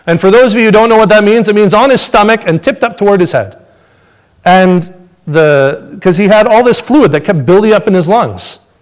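A man telling his testimony to a congregation, swinging between excited storytelling and hushed, reflective moments. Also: sits high, normal speed. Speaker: father sharing a testimony.

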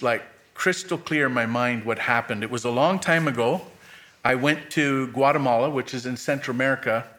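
A man's voice: a little high, bright, forceful tone. A middle-aged man preaching a sermon, reading scripture aloud with dramatic lifts for quoted lines and adding plain asides.

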